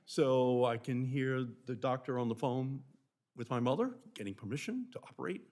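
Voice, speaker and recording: An older man from Massachusetts with a Boston accent, a senator making impassioned committee remarks in a hearing room, swinging from loud emphatic bursts to near-whispers. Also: mid-range voice, expressive, moderate pace.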